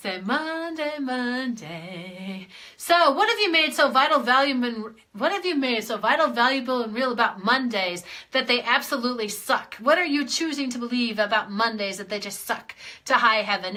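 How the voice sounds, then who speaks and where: Bright, playful woman leading a clearing chant. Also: on the high side, expressive, normal speed. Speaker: life coach and energy healer hosting a live session. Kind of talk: guided clearing session on a livestream.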